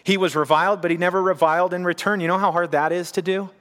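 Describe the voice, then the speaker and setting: A man's voice: sits high, steady tone, fast talker, a bit bright. A man preaching a sermon in a church hall, earnest and repeating key lines for emphasis. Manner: earnest, building to emphatic repetition. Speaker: pastor. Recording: long hall reverb.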